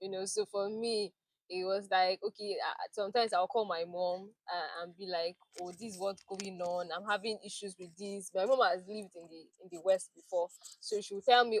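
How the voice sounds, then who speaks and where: A woman's voice: mid-range voice, steady tone, fairly quick, no echo, poor audio. A Nigerian woman telling her teaching story in a casual group chat, acting out quotes and laughing often. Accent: Nigerian English. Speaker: teaching fellow sharing experience.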